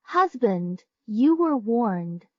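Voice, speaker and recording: Casting: woman voicing a defiant young wife, cold and slow, dry dull sound. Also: on the high side, very animated, no echo, exaggerated voice. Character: sharp-tongued young wife, defiant and vengeful. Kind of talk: dubbed drama acting.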